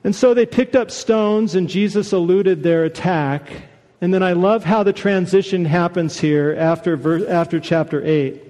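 A man preaching a sermon, conversational and animated, with casual asides to the congregation. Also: sits high, normal speed, long reverb tail. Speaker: pastor.

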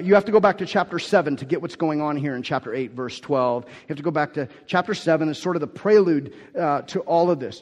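A man preaching a sermon in an emphatic, conversational way, restarting and repeating words as he goes. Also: a little high. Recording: long hall reverb.

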